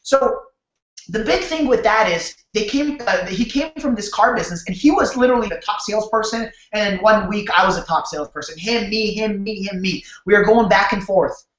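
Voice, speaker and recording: A man from Canada hosting a sales webinar over a video call, telling his story in an energetic, repetitive way and talking straight to his audience. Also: sits high, normal speed. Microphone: webcam or computer mic on a video call. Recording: roomy, dull lo-fi webcam audio.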